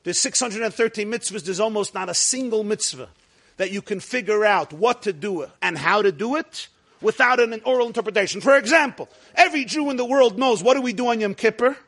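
High-voiced man lecturing a class. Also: fairly quick, a bit bright. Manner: asks the class questions and answers them himself, jokes with them. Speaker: rabbi teaching a class.

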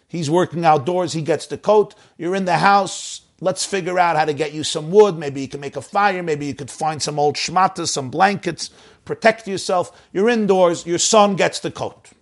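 A man giving a sermon, telling a parable with lively acted-out voices. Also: on the high side, moderate pace. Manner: animated, acts out shouting voices. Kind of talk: sermon storytelling.

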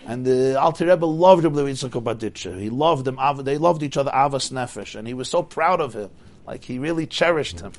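A man's voice: medium pitch, fairly quick. A man giving an informal Torah talk, telling a Chasidic story with many restarts and Yiddish words. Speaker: Chasidic teacher.

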